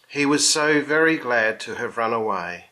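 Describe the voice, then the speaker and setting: A man reading a children's story aloud in a slow, expressive storybook manner. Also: mid-range voice.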